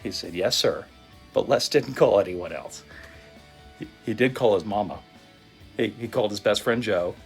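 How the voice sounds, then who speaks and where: Husky-voiced man telling a motivational story. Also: on the low side, normal speed, pauses often. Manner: vivid, animated storytelling. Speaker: motivational speaker. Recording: faint guitar music behind. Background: soft guitar music.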